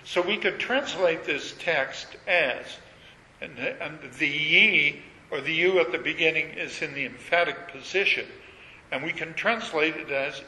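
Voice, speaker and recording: A man preaching a sermon, measured and emphatic, leaning on repetition. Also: on the high side, bright, forceful tone. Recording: echoey hall with long reverb.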